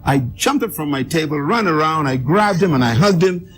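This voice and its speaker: A man's voice: on the high side, lively intonation, fairly quick, fairly bright tone, faint music behind. Emphatic man telling a story. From Bahamas. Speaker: guest speaker and author. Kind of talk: personal storytelling in an interview.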